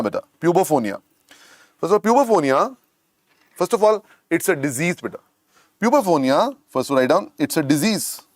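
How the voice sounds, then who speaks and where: A man with an Indian accent and a croaky voice teaches an online medical lecture, repeating points and coaxing students. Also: on the high side, no echo, studio quality. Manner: repetitive, coaxing, calls students "beta".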